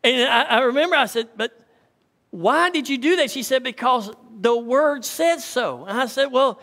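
A man's voice: very high-pitched, lively intonation, moderate pace, vocal fry, sharp tone. A man, a pastor preaching a sermon in a folksy storytelling way and calling out to his congregation. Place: church hall. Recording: long church hall reverb.

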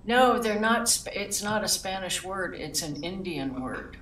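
A participant chimes in during a live class, quick and helpful, fixing a pronunciation. The voice sits far from the microphone in an echoey room, with a faint rumble behind it. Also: lively intonation, fairly bright tone. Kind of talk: casual chat. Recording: distant, roomy, faint rumble.

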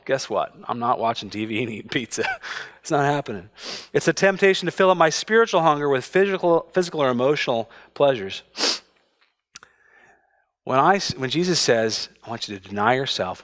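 A man, preaching a sermon and telling family stories with lively voices. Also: mid-range voice. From United States. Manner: animated storytelling, acts out family voices. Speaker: pastor. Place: church sanctuary.

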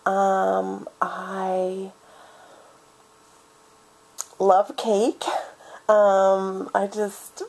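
A woman's voice: medium pitch, fairly even intonation, drawn-out words, long pauses, darkish tone, low-quality recording. A young woman in a comic parody of a dating video, hesitant and full of ums, talking in an overwrought, tearful way. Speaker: online dating video maker.

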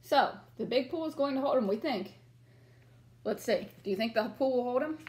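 A woman teacher reads a picture book aloud to young children and stops often to ask them questions. Her voice is high and very animated, rising and falling a lot. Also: normal speed. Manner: questioning, encouraging.

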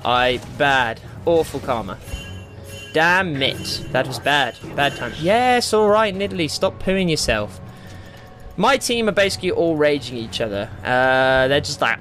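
A man's voice: fairly high pitch, measured pace, soft background music. A young man giving live gameplay commentary, ranting and swearing as he plays. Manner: ranting, swears a lot, excitable. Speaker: gamer.

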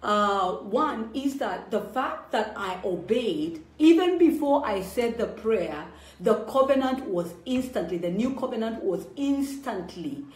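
A woman's voice: a little high, expressive, a little slow, a little mellow. Woman preaching testimony in echoey room. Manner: emphatic storytelling, rises when pleading. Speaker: apostle preaching. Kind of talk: personal testimony sermon. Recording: roomy echo.

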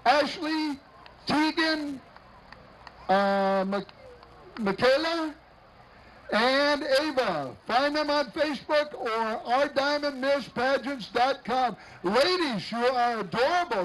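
A man's voice: very high voice, a bit bright, slight background noise, rough recording. A man announcing a street parade outdoors, joking and bantering with the people passing by. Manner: jokey, bantering with passing entrants. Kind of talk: live parade commentary.

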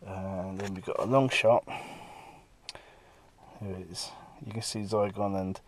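Man, comic artist, casual chat, fairly low voice, lively retelling with quick character voices. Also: slight background noise. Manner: lively, breaks into brief character voices while retelling scenes. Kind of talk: casual walkthrough of his own work.

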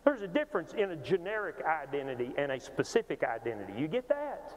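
High, lively-voiced male preacher in a reverberant hall. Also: fast talker. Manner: emphatic, conversational teaching, often restarts words. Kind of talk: sermon-style Bible lecture. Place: church auditorium.

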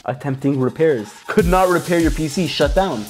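A man's voice: fairly high pitch, normal speed, faint music behind. A man giving hyped, jokey commentary while running computer viruses on screen, yelping whenever something sudden happens. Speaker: YouTuber testing computer viruses. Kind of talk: casual screen-recorded commentary.

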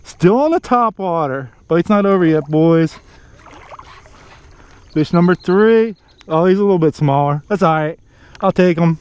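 A man filming himself bass fishing from a boat outdoors, cheering on every catch with casual commentary. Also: measured pace, long pauses, clean tone, muffled recording. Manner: excited, cheers on fish with stock phrases. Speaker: fishing vlogger.

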